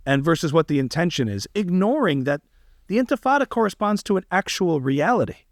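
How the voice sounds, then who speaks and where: A man's voice: high-pitched, a little fast, no echo, studio quality. A man, a comedian guest on a podcast interview, talking animatedly and emphatically. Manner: animated, slips into impressions, emphatic.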